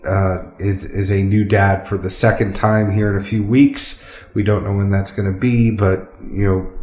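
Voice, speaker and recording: A man's voice: fairly low pitch, darkish tone. A man co-hosting a casual podcast, joking with friends and rattling off plugs for the show. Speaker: podcast co-host. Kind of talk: casual chat. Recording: echoey room.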